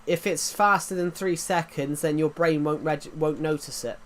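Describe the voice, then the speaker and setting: A man's voice: on the high side, normal speed, slight background noise. An English man chatting casually on a livestream, rambling with many restarts and fillers, his throat sore. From England. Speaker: livestream host.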